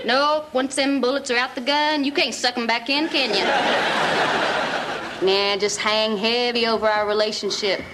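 A woman's voice: fairly high pitch, fairly even intonation, heavy background noise, close to an everyday voice. Woman playing a feisty Southern belle. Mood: cutting. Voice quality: folksy drawl, quick comebacks. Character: feisty young Southern woman, sharp-tongued. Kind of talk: sitcom acting. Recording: sitcom audio with audience laughter. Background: studio audience laughter.

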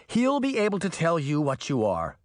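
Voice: mid-range voice, huge pitch swings, moderate pace, dry recording, studio quality. A reader voicing a fierce, protective mother who speaks firmly and commandingly, read as an audiobook. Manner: firm and commanding. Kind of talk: audiobook reading.

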